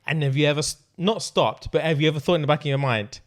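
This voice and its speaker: A man's voice: on the high side, quick pace. A man co-hosting a podcast, joking crudely and laughing through casual chat. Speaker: podcast co-host.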